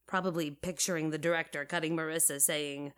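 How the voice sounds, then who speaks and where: A young woman narrating first-person audio fiction in a wry, casual, deadpan way. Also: deep voice, a little fast.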